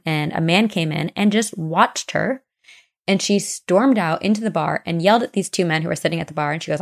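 A young woman with a somewhat low voice co-hosts a casual podcast, telling ghost stories and lore in a chatty, animated style. She acts out the people in the tales.

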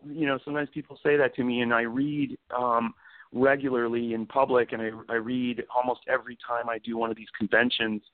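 A man's voice: mid-range voice, flat delivery, fairly quick, no room sound. A male author and guest, reading his book aloud dramatically and then chatting in an enthusiastic, rambling way. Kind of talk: casual chat and dramatic reading. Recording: dry, phone-like sound.

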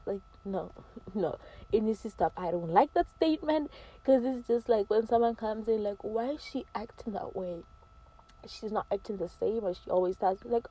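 Animated young woman with a mellow voice. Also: a little high, moderate pace, breathy edge, low-quality recording. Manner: emphatic, animated, preachy with mocking quoted voices. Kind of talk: casual advice monologue to camera.

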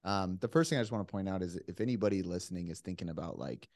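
A man's voice: deep voice, very fast, darkish tone, no echo, studio quality. A man hosting a podcast, asking rambling questions in casual conversation and thinking aloud as he goes. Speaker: podcast host.

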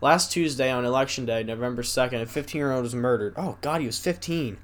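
A young man hosting a solo podcast, rambling casually and reading news stories aloud haltingly with asides. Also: medium pitch. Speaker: podcast host.

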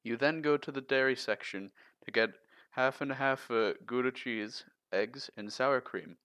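A man co-hosting a casual podcast, reading long riddles aloud in a steady listing way. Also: medium pitch, measured pace, no echo. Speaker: podcast co-host.

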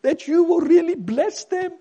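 A man voicing a kindly, devout older woman neighbour with an Afrikaans accent, speaking sweetly and fervently in a high put-on voice. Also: lively intonation, unhurried, noisy background. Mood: fervent prayer.

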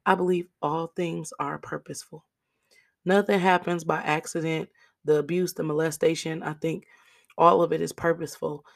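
Raspy hoarse woman doing her podcast, real gravelly, kinda flat, talks straight to her listeners. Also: sits low. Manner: earnest, direct encouragement to listeners as "y'all". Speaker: podcast host. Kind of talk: solo podcast monologue.

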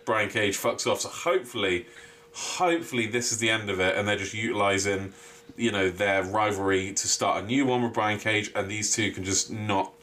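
A man co-hosting a casual wrestling chat, animated and swearing freely. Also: on the low side, normal speed. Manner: animated, swears a lot, mimics people he quotes. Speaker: wrestling podcast co-host.

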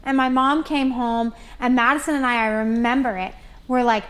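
A woman in her twenties chatting casually and telling animated family stories with lots of fillers. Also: fairly high pitch, moderate pace. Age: 20s. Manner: animated storyteller, many fillers. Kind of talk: casual chat, storytelling.

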